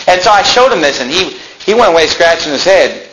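His voice sits on the high side and moves a little fast, with a noisy background behind it. The man is preaching, reciting King James Bible verses and animatedly acting out the people in his stories.

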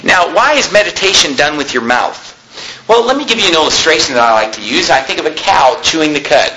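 Man, pastor, sermon, bright forceful voice, slightly high pitch, faint noise behind. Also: very animated, low-quality recording. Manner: emphatic preaching, slowing on key phrases.

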